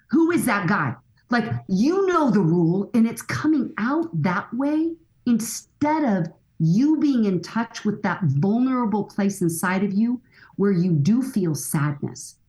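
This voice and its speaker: A woman's voice: medium pitch, sing-song, measured pace, a little mellow, poor audio. A middle-aged woman speaking as a guest expert in a podcast conversation, earnest and coaching, often acting out bits of dialogue.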